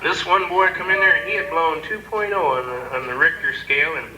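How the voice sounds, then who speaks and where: A man's voice: fairly high pitch, a little fast. A man telling a humorous anecdote to an audience, in a chatty, amused, folksy way with hesitant fillers. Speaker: storyteller. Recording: echoey noisy room recording.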